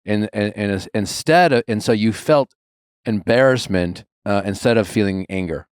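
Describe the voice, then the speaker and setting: A man's voice: fairly low pitch, moderate pace, smooth, dry recording, studio quality. A man hosting an advice podcast, blunt and probing as he challenges a caller. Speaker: podcast host giving advice. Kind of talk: casual advice talk.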